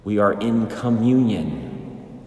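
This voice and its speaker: A man preaching a sermon as a priest, slow and measured with drawn-out pauses, in a large church. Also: on the low side, expressive, warm tone. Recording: echoey church with long reverb.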